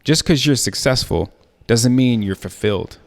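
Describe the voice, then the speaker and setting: A man's voice: mid-range voice, animated, normal speed. A man hosting a casual podcast interview, often affirming his guest and reading out quotes he has prepared. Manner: affirming listener who reads out quotes. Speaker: podcast host.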